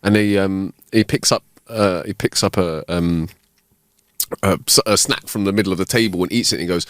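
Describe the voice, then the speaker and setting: A man's voice: sits low, normal speed, no room sound, clean studio sound. A young man co-hosting a comedy podcast, laughing and stumbling through his jokes. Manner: giggly, stumbling, restarts often. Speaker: podcast co-host. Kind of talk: casual comedic chat.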